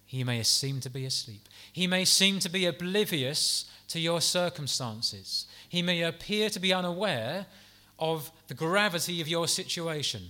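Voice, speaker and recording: A man preaching a sermon in an earnest, gentle, pastoral way, with soft asides and the odd restart. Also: on the high side, animated, unhurried, hardly any pauses.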